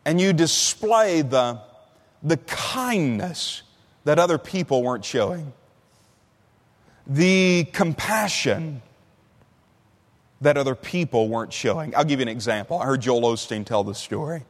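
A man preaching a sermon in a conversational way, slowing down and stretching the key words for emphasis. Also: mid-range voice, animated. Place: large church hall. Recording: long hall reverb.

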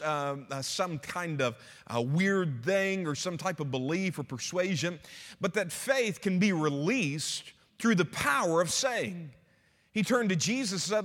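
A male pastor delivers a sermon, slowing down to read scripture and then talking it through in a plain, conversational way. His voice sits a touch high for a man, and the sound rings out with a long reverb, like a large hall. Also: lively intonation, fairly bright tone. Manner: reads scripture slowly, then explains in casual teaching tone.

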